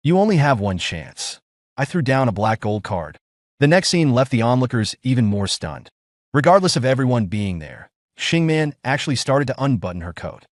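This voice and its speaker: Man narrating a story with lively pitch. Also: normal speed, no room sound, studio quality.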